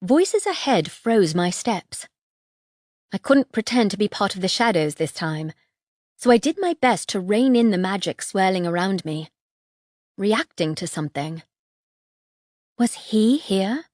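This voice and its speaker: A woman's voice: mid-range voice, expressive, a little slow, pauses often, a little mellow, no room sound. Woman narrating a fantasy audiobook, dry sound. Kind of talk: first-person audiobook narration.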